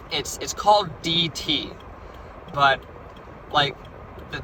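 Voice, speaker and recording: A man's voice: medium pitch, noisy background. A young man casually recounting a strange dream, rambling with stumbling restarts and lots of "right?" and "like". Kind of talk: casual storytelling.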